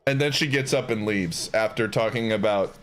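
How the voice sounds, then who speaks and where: A man's voice: lowish voice, moderate pace. A man streaming a game while he chats and tells a story in a casual, slangy way, often breaking into laughter. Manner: animated, laughs through the telling, slangy.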